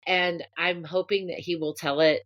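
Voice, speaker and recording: Female co-host, low voice, animated warm storyteller, casual chat. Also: normal speed, lo-fi sound. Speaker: podcast co-host.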